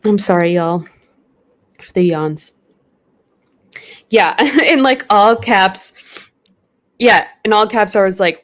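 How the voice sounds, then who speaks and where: Woman podcast co-host; casual, dry, understated delivery at a middling pitch. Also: slow, pauses often. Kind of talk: casual chat.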